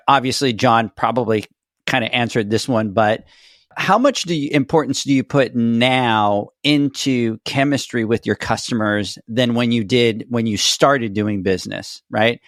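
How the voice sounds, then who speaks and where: A man hosting a podcast, upbeat as he gives shout-outs and steers the questions. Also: medium pitch, a little slow, no room sound, studio quality. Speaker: podcast host. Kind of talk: casual podcast chat.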